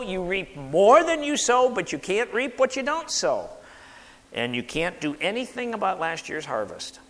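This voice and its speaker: A man's voice: high-pitched, a bit bright. A man pastor preaching a sermon with emphasis, leading the congregation to repeat phrases after him. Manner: emphatic, leads congregation in call-and-response repetition. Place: church sanctuary. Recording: long hall reverb.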